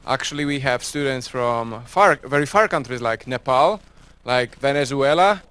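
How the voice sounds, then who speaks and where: Smooth-voiced man, halting introduction. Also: medium pitch, animated, a bit bright, dry recording. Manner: halting, with many fillers. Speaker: student group leader. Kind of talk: brief introduction to an audience.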